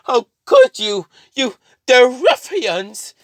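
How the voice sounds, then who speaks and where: A man's voice: extremely high pitch, wildly swooping pitch, slow, no echo, clean studio sound, pitched above the performer's own voice, exaggerated voice. A man voicing a gleeful, murderous male alien symbiote in a hammy put-on cowboy drawl. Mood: mock outrage. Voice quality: hammy twang, shouting insults.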